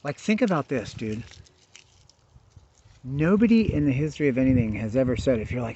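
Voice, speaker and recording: A man's voice: medium pitch, sing-song, moderate pace. A man vlogging outdoors on a hillside, talking in laid-back stoner slang, swearing and saying dude a lot. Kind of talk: casual outdoor vlog. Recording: dull lo-fi sound with background noise.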